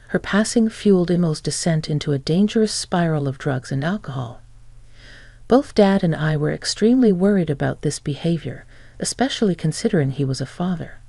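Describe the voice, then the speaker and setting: Creaky, dark-toned woman narrating a story. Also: low voice, dry recording. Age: young adult. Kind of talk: scripted first-person narration.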